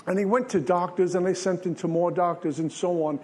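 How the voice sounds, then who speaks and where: A man with a somewhat higher voice than most men shares his personal testimony at a recovery meeting. He speaks earnestly in plain everyday language, telling the story step by step as a lesson. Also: fairly even intonation, brisk, darkish tone.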